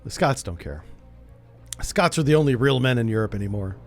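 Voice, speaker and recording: A man streaming a game, chatting casually and joking as he thinks out loud. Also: mid-range voice, animated, brisk, soft background music. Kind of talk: casual gameplay commentary.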